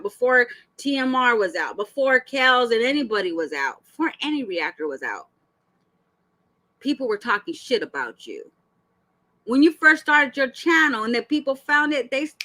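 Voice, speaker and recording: Lady ranting on her reaction channel, cussing a lot, kinda high sharp voice. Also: poor audio. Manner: blunt, profane and heated; rhetorical questions to the subject. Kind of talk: casual reaction commentary.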